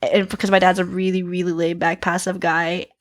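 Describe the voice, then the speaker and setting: A young woman, a jiu jitsu instructor, telling stories in casual chat with an animated, squealing delivery. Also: fairly quick. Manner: animated, swings into high squeals.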